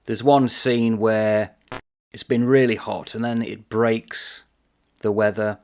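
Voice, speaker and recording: A man's voice: on the low side, level tone, slow pace, darkish tone. A man chatting casually about a book he is reviewing, reading passages aloud in a conversational manner.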